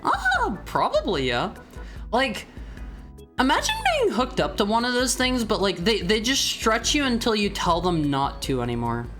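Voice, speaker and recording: A man streams as a VTuber, his high voice swinging widely in pitch at a normal speed with a fairly bright tone. He chats casually and playfully, teasing his viewers and often stumbling and restarting his words. Soft music plays in the background.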